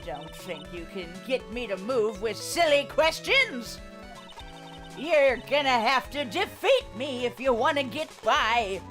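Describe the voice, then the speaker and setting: A woman doing a shrill, furious old lady. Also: animated, slow pace, a bit bright, faint music behind. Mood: stubborn scolding. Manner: ranting, scolding.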